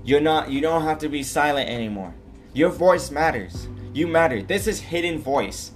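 A man's voice: on the high side, lively intonation, moderate pace, faint music behind. A man hosting his own podcast, talking earnestly about his life and often checking in with "right?" and "okay?". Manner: earnest, repeats himself, tags lines with "right?" and "okay?". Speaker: podcast host. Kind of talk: solo personal podcast monologue.

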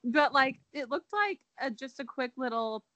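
A woman's voice: sits high, expressive, moderate pace, a bit bright, no echo, highs cut off. A young woman co-hosting a casual chat podcast, chatty and playful, filling her talk with "like". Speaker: podcast co-host.

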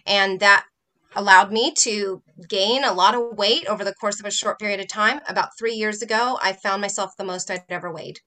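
A woman speaking as a podcast guest, her voice bright and forward. She tells her own story in an earnest, reflective way, like a health coach speaking from experience. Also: mid-range voice, fairly even intonation, moderate pace. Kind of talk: personal testimony in a faith podcast conversation.

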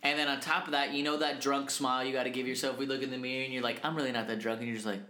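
A young man co-hosting a casual podcast, telling animated stories full of swearing and acted-out quotes. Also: medium pitch, rapid-fire. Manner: animated storyteller, swears a lot, acts out quotes. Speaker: podcast co-host. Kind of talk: casual chat. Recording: echoey room, faint noise.

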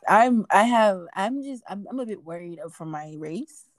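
A woman's voice: mid-range voice, expressive, moderate pace, noisy background. A teenage girl co-hosting a casual chat, rambling and sarcastic as she works through her opinions. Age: teens. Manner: rambling, restarts, sarcastic asides. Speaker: podcast co-host.

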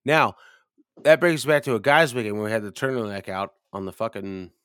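A man's voice: lowish voice, lively intonation, a little fast, a bit bright, clean tone, no echo, clean studio sound. A man casually telling a crude, profane story on a podcast, animatedly acting out his friends' lines.

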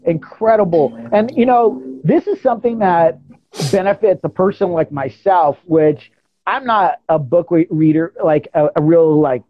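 An enthusiastic interview host speaks in a mid-pitched voice over a video call. The sound is dull and lo-fi. The phrasing is halting and effusive. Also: a little hiss or hum. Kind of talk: casual interview conversation.

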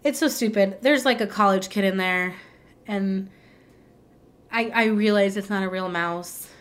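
A woman's voice: medium pitch, measured pace, a bit bright. A young woman co-hosting a podcast in casual chat, rambling and chatty with lots of "like"s. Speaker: podcast co-host.

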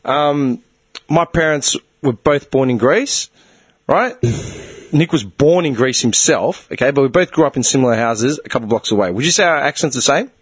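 Animated Australian man, husky and dry. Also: mid-range voice, normal speed, no room sound. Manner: animated, swearing, explains with rhetorical questions. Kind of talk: casual chat.

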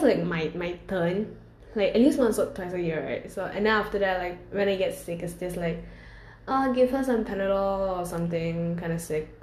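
A young woman talks in a loose, rambling storytime style, candid and full of fillers. Her pitch sits mid-range, and the vlog recording carries a roomy echo. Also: a little mellow. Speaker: vlogger. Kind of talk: casual storytime monologue.

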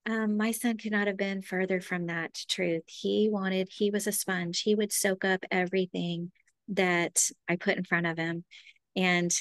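A middle-aged woman educator, a guest in an interview, telling her story in a lively conversational way with fillers. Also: mid-range voice, unhurried, no room sound. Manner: animated, acts out quoted voices.

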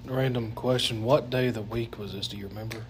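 A woman interviewer asking relaxed, brief follow-up questions in a casual chat. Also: extremely low pitch, fast, a little hiss or hum.

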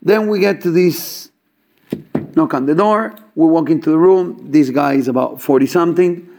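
A man with a Chabad yeshiva student background tells a story at a casual get-together, his voice slightly high and his pace normal. He speaks loosely and animatedly, using many fillers and acting out the quoted dialogue of the people involved.

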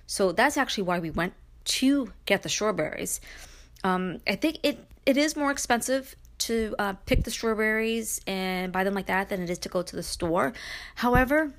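A woman's voice: mid-range voice, normal speed. A middle-aged woman hosting her own podcast, talking casually in a rambling, chatty way full of fillers and restarts. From Brooklyn, New York. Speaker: podcast host. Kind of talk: casual solo podcast monologue.

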